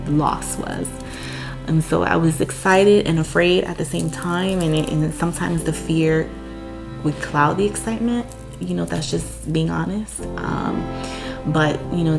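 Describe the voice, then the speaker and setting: Low-voiced woman sharing a personal story. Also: vocal fry. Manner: earnest and candid, frequent "you know". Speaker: mother sharing her infertility story. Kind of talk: personal testimony. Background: soft guitar music.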